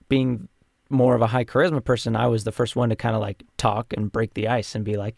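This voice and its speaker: A man's voice: mid-range voice, flat delivery, brisk, gravelly, a little mellow, dry recording, clean studio sound. A young man co-hosting a casual podcast, recapping a tabletop campaign in a rambling way with many fillers. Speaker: podcast co-host and player.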